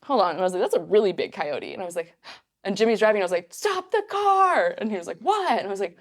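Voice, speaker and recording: A young woman guest on a podcast, telling stories in a casual, animated way with lots of fillers. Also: fairly low pitch, racing. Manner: animated, acts out quotes, many fillers. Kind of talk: casual storytelling.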